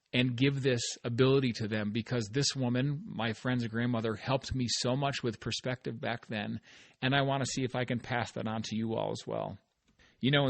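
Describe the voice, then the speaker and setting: A man's voice: medium pitch, gravelly, no room sound. A middle-aged man hosting a solo motivational podcast, talking in an earnest, encouraging way and repeating phrases for emphasis. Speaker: podcast host.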